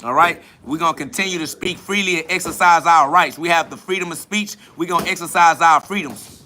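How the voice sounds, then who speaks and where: A man's voice: a little high, a little fast, pushed and bright, a little hiss or hum. A man hosting a podcast livestream, answering chat comments in a blunt, profane, confrontational and preachy way, repeating his points for emphasis. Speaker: podcast host.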